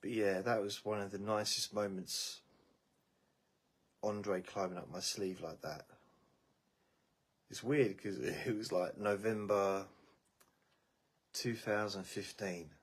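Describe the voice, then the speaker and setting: Slow husky man chatting. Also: lowish voice, fairly even intonation. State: voice tiring. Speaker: vlogger on a live stream. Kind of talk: casual live-stream chat.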